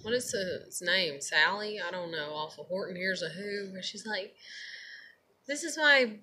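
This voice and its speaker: A woman's voice: fairly low pitch, moderate pace, pushed and bright, a little hiss or hum. A tired young woman, venting to camera in a rambling, profane way and laughing often. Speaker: vlogger.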